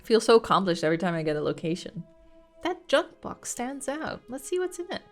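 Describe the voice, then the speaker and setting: A woman's voice: fairly high pitch, very animated, fairly quick, soft background music. Chatty woman streamer swearing at a game. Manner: chatty, swears when frustrated, thinks aloud. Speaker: gaming streamer. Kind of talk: casual let's-play commentary.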